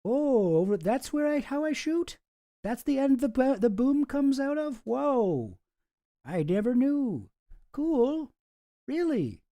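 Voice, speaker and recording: A man voicing a naive, dim-witted man in a joke skit, marveling slowly and wide-eyed at a gun. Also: very high-pitched, very animated, dark tone, voice pushed up, full character voice. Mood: amazed. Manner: wide-eyed, slow and amazed.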